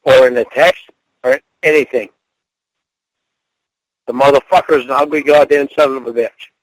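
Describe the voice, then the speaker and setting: A man's voice: mid-range voice, steady tone, moderate pace, no echo, poor audio. A man in a heated argument, angry and bitter, swearing and issuing ultimatums. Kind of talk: heated argument on a phone call.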